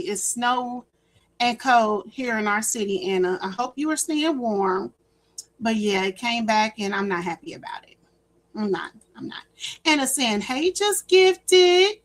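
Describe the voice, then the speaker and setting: A woman hosting a casual livestream, chatting warmly with viewers, repeating her words and greeting people in the chat by name. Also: high voice. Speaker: livestream host.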